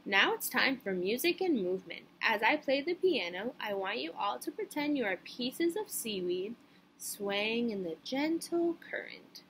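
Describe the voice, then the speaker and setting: Patient fish schoolteacher from a picture book, encouraging, bright higher voice; woman reader voices her. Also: big pitch swings, normal speed, hardly any pauses, slight background noise, poor audio. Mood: gentle.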